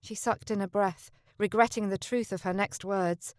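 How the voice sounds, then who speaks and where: A woman's voice: medium pitch, steady tone, moderate pace, no room sound, clean studio sound. A woman narrating a historical romance audiobook, lifting her voice for the heroine.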